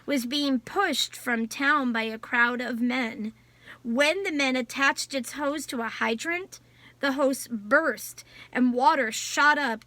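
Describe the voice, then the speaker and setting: Bright high-voiced woman narrating a novel. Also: no echo. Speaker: audiobook narrator.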